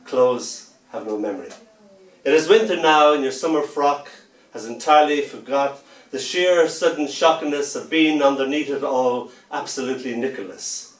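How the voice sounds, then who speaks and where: A man giving a poetry reading to a festival audience, playful and theatrical, stretching out words and pausing for effect. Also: medium pitch. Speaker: poet. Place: festival venue indoors. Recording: echoey room, mic far off.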